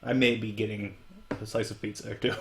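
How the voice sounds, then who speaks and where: A man co-hosting a podcast, chatting casually and teasing his co-host with quick restarts. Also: fairly low pitch, little pitch movement, vocal fry, a little hiss or hum. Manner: joking, teasing banter with restarts. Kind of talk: casual chat.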